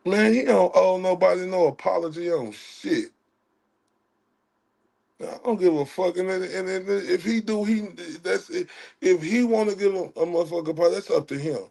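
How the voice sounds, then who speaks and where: A man hosting a livestream, ranting in a heated, profane way and swinging between loud outrage and quiet apologies. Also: sits high, normal speed, creaky. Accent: Southern US. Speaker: livestream host.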